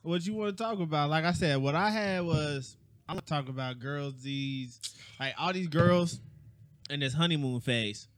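A man's voice: a little high, moderate pace, dry recording. Male podcast co-host, playful and joking, casual banter, dry close mic. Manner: playful, jokey, puts on silly voices. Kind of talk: casual chat.

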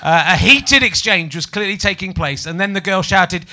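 A bright, fairly high-voiced man in his forties from Yorkshire, with a light Yorkshire accent, hosting a live comedy podcast. He chats loosely and mocks himself while needling the audience. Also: animated, normal speed. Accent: Yorkshire English. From Yorkshire, England. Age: 40s. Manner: chatty, self-mocking, teasing the audience. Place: small live venue with audience.

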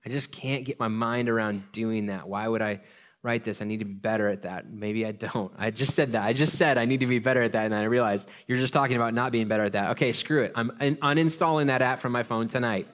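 A man preaching a sermon as pastor, talking in a loose, conversational and self-deprecating way, slipping into quick stories. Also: mid-range voice.

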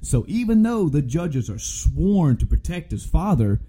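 A man co-hosting a podcast, retelling a game story in a casual, animated way with plenty of swearing and restarts. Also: on the high side, unhurried, slight background noise, rough recording. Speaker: podcast co-host.

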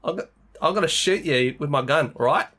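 A man's voice: a little high, brisk, breathy edge. A man hamming up a brash mock-Australian action hero. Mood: mock-tough. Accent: mock Australian put on. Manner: loud, jokey, exaggerated.

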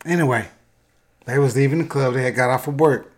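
A man, telling a story in casual chat and acting out the quoted voices loudly. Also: medium pitch, a little fast.

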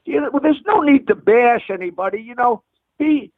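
A comedian guest telling blunt stories over the phone, rambling with frequent restarts. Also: male voice, very high-pitched, lively intonation, normal speed, no room sound. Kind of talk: phone interview, storytelling. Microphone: telephone. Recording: dry phone line.

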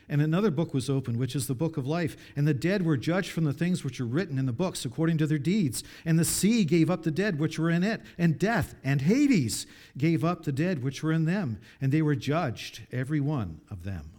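A man preaching a sermon, reading scripture aloud and commenting, with dramatic swings from hushed pleas to loud appeals. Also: fairly high pitch.

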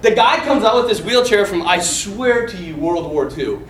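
A man telling a story in casual talk, animated, laughing often and acting out the voices of the people in it. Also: high-pitched, moderate pace, recorded from a distance. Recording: echoey room, off mic, faint noise.

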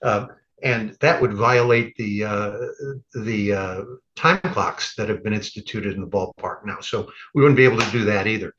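A man's voice: on the low side, moderate pace, fairly bright tone, lo-fi sound. A man who is a rabbi, a guest on a podcast, telling stories in a wry, conversational way and acting out quoted lines. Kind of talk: conversational storytelling.

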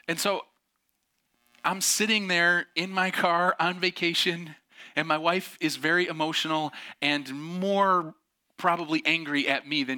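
A man's voice: on the high side, pushed and bright. A man preaching a sermon with a personal story, emphatic and asking rhetorical questions. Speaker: pastor.

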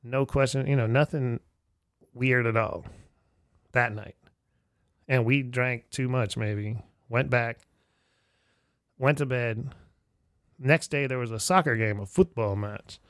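A man's voice: medium pitch, takes it slowly, pauses often, dry recording, studio quality. A middle-aged man telling old travel stories in a casual conversation, acting out the voices of the people he quotes and using lots of "like" fillers. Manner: animated storyteller who acts out quoted voices, many "like" fillers. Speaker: podcast guest or host recalling old travels. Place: indoor room shared with a friend.

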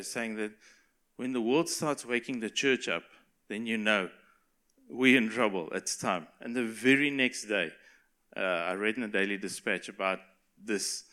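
This man delivers a sermon in a bright, forceful voice, earnest and encouraging. He talks loosely, restarting his phrases and laughing lightly now and then. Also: fairly low pitch. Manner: earnest, encouraging, with self-corrections and small laughs. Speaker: preacher.

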